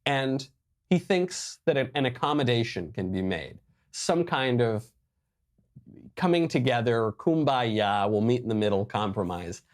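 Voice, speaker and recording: A man's voice: medium pitch, measured pace. A man giving emphatic, sarcastic political commentary over news clips. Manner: emphatic, sarcastic, lively delivery.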